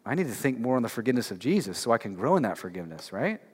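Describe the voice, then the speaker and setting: Speaking very fast in a sing-song, mid-range voice with a breathy edge, a male pastor preaches to his congregation. His sermon feels loose and conversational, packed with fillers and emphatic rhetorical questions, and the sanctuary's long hall reverb carries every word.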